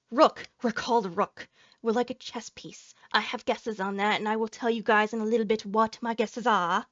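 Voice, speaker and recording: A woman's voice: medium pitch, fairly bright tone, dry recording, dull audio. A woman VTuber giving a salty, profane reaction commentary, ranting and joking at her viewers. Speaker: VTuber streamer.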